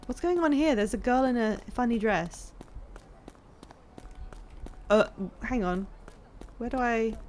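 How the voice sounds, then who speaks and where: A woman's voice: on the high side, lively intonation, takes it slowly, pauses often, darkish tone, slight background noise. A woman streaming a video game live, chatting and joking with her viewers as she plays. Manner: chatty, joking, talks to chat while playing. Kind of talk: casual live-stream gameplay commentary.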